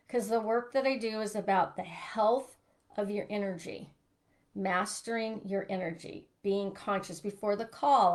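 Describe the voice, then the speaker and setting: Give me an earnest middle-aged woman leading a live coaching session. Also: medium pitch. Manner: earnest, coaching, asks reflective questions. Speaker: money mindset coach.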